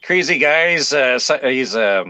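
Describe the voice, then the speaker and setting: A man's voice: mid-range voice, animated, measured pace, bright, forceful tone, no echo, rough recording. A man chatting as a podcast guest, hesitant with many fillers and giggles. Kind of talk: casual podcast chat.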